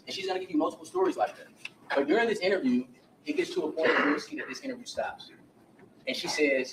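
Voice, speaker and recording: A man's voice: on the high side, big pitch swings, fast talker, fairly bright tone, a little hiss or hum. A man giving an opening statement to a jury as a defense attorney, speaking emphatically and turning to the jurors as he retells witness accounts. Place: courtroom. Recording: roomy courtroom audio from a distance.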